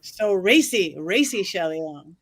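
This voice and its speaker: A woman hosting a casual chat, playful and quick to laugh. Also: fairly low pitch, animated. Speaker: host.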